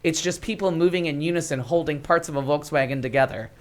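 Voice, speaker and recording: A woman's voice: low-pitched, quick pace, a crowd in the background. An American woman co-hosting a talk show, telling a long story in casual chat and filling it with "like". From United States. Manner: animated storyteller, lots of "like". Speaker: podcast co-host.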